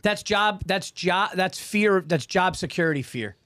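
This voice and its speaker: A man with a high voice co-hosts a casual podcast. He gives blunt verdicts and repeats them for emphasis. The sound is dry and close. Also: lively intonation, unhurried, a bit bright, dry recording. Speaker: podcast co-host. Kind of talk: casual comedic podcast chat.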